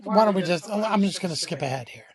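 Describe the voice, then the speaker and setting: A man co-hosting a podcast in casual chat, joking and dry, with halting asides. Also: high voice, animated. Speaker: podcast co-host.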